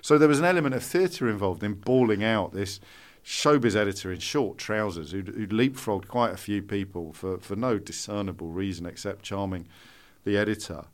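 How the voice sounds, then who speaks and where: A middle-aged man from Britain recounts his stories with lively energy, restarting sentences and laughing as he goes. His voice sits a little low, and he talks in an easy, conversational interview manner. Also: moderate pace, few pauses. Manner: animated storyteller, bursts of laughter, restarts. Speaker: guest. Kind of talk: casual anecdotal interview.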